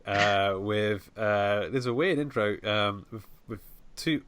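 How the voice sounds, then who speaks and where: A man's voice: lowish voice, slow, a bit bright, clear, resonant tone. A man rambling through a casual podcast chat about a film, with many restarts and fillers. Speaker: podcast co-host.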